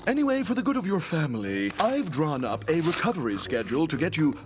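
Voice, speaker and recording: An actor voicing a pompous middle-aged school principal in a cartoon, lecturing in a formal, condescending way. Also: male voice, fairly high pitch, big pitch swings, fast, heavy background noise.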